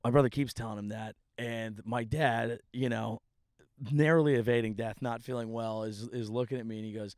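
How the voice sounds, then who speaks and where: A man's voice: mid-range voice, steady tone, moderate pace, a little mellow, no echo. Rambling, self-mocking male comedian, dry sound. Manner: rambling, profane, self-deprecating. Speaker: comedian and podcast host. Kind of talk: casual storytelling monologue. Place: outdoors by a ditch at a family home.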